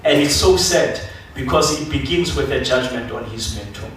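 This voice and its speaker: A man preaching a sermon in a church, telling a Bible story with lively acted-out quotes. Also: medium pitch, moderate pace, a crowd in the background. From South Africa. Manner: animated storytelling, acting out biblical figures. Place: church sanctuary. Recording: echoey church hall from far off.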